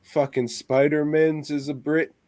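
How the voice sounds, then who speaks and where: A man's voice: on the high side, level tone, unhurried, darkish tone, dry recording. A man co-hosting a podcast, ranting crudely and swearing constantly in casual chat. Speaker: podcast co-host.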